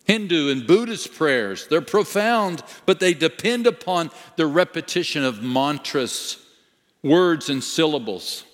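A male pastor preaching a sermon slowly and emphatically, dropping to a hush at times. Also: a little high, lively intonation. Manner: slow, emphatic preaching with dramatic dips to a hush. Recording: long reverb of a large hall.

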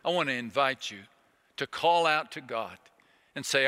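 A man preaching a sermon as pastor, earnest and pleading, slowing down to repeat key phrases. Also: mid-range voice, lively intonation, pushed and bright, clean tone, long reverb tail.

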